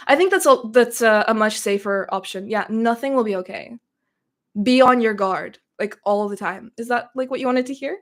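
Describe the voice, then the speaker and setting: A woman's voice: on the high side, normal speed. A woman from Russia hosting a casual livestream Q&A, chatting a little nervously as she reads viewer comments aloud and answers them. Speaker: streamer hosting a Q&A.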